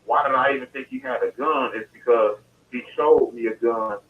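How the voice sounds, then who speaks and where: A man's voice: medium pitch, normal speed, slight background noise. A man being interviewed, telling his story in detail and in a casual way, often restarting and repeating phrases. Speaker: interview guest. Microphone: phone call. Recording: tinny distant phone line.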